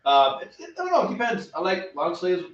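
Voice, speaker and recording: Easygoing homebrew co-host, man, slightly high voice, dull roomy sound. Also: huge pitch swings, fairly bright tone, recorded from a distance. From Washington state. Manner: quick, easygoing, hesitant with fillers. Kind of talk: casual chat while brewing.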